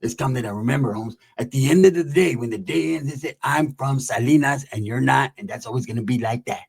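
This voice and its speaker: A man voicing an older gang veteran who talks slow, low and pompous. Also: vocal fry, slightly rough.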